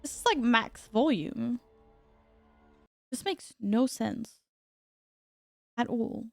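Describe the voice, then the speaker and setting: Woman streamer, kinda high voice, flustered chatting w/ chat, dry mic, faint game music. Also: animated, extremely slow, gravelly, dry recording. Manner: flustered, talks to chat while fixing audio. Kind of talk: casual live-stream chat.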